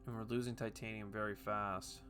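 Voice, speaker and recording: A man giving casual, chatty commentary while playing a game, talking to himself with quick jokey asides. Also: fairly low pitch, level tone, over music. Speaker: gaming video host.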